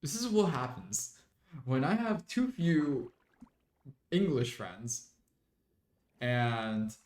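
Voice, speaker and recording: A man's voice: medium pitch, darkish tone, roomy sound. A young man streaming a game, chatting in a rambling way and slipping into mock British slang. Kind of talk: casual live-stream chat while gaming.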